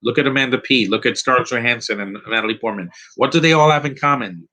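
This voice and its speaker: A man's voice: mid-range voice, fast, bright, forceful tone, low-quality recording. A man giving a rambling, opinionated live commentary over a film, restarting his sentences often. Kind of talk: casual live movie commentary.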